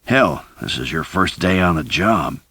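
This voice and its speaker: Gruff blunt man, curt and profane, deep voice, dry close sound, as a narrator plays him. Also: very animated, unhurried, sharp tone, dry recording, heavily acted. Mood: weary. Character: gruff, blunt man, shaken but practical.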